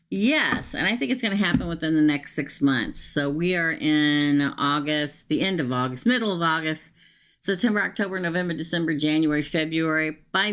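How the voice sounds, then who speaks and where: A woman, reading tarot cards on a live stream, chatting and thanking viewers as she goes. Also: sits low. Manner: chatty, thanks viewers, talks to herself while pulling cards. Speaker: tarot reader.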